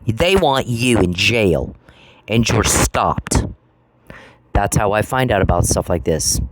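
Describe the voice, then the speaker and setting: A man's voice: lowish voice, animated, slow. A man delivering an angry solo monologue, confrontational and profane, repeating phrases for emphasis. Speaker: channel host. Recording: noisy recording with clicks.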